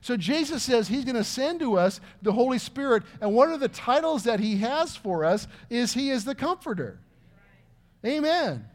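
A man's voice: very high voice, very animated, normal speed. A middle-aged man, preaching a sermon in an earnest, conversational way full of questions to the congregation. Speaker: pastor.

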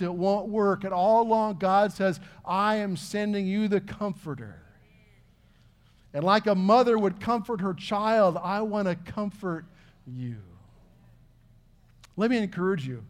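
A middle-aged man, preaching a sermon in an earnest, conversational way full of questions to the congregation. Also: sits high. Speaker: pastor.

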